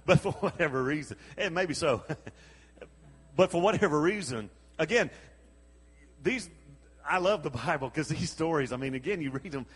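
A man delivers a sermon in a voice that sits a little high and has a husky edge. He tells the story with chuckles and acts out the lines of the people in it. His words carry a long reverb, as in a large hall. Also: moderate pace, long pauses. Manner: animated storytelling with chuckles and acted-out quotes. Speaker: preacher.

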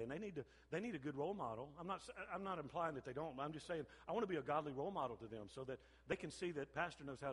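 An older man, a pastor, preaching a sermon with animated storytelling and repeated phrases. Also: mid-range voice, breathy edge. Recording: long hall reverb.

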